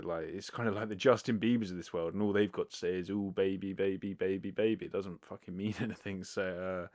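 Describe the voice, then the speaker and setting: Male solo podcaster, slightly low register, loose and sweary, talking close to the mic. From United Kingdom. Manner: rambling, filler-heavy, swears casually. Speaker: podcast host. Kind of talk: casual solo podcast answering listener questions. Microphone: close sensitive microphone.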